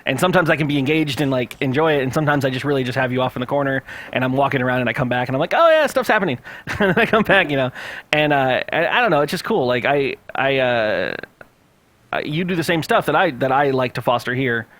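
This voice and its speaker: A man hosting a casual podcast chat, swearing freely, laughing often and breaking into loud excited yells. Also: medium pitch, fast. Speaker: podcast host.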